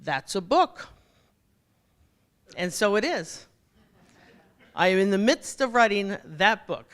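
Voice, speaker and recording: Woman keynote speaker, lively swooping pitch, jokey, talks straight to the audience. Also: slow. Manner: animated, jokey, addresses audience directly. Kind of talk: motivational keynote talk.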